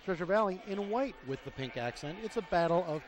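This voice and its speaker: A man calls a roller derby bout play by play, energetically rattling off names, numbers, rosters and action in live sports commentary. His voice sits high and runs a little fast, and crowd noise is present throughout the recording.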